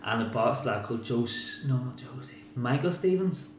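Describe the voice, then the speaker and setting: Northern Irish ex-boxer, rambling talk. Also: male voice, medium pitch, animated, moderate pace. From Northern Ireland. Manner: rambling, repeats himself, frank and swears. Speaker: former boxer, guest. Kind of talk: casual interview. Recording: echoey room with noise.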